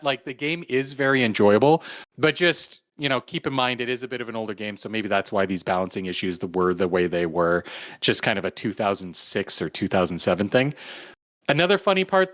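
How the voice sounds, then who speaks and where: A man's voice: on the low side, a bit bright, no echo, studio quality. A man co-hosting a podcast in casual chat, rambling along with plenty of "like" and "um". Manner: rambling, full of "like" and "um". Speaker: podcast co-host.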